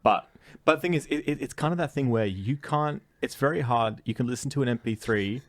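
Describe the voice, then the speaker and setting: A man co-hosting a podcast, talking in a relaxed, rambling and playful way. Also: mid-range voice, a little fast, no echo. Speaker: podcast co-host. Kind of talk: casual chat.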